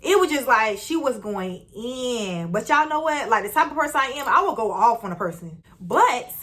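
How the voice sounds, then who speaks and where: A young woman vlogger telling a personal story in a chatty, slangy way, speaking straight to her viewers and jumping up in pitch when she acts out greetings. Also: normal speed. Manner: lively, jumps high when retelling greetings. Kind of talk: casual storytime.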